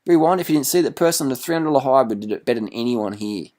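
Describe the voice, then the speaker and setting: A man's voice: medium pitch, animated, very fast, a little mellow. A man, a cycling vlogger, giving mocking, profane reaction commentary on a video and laughing often.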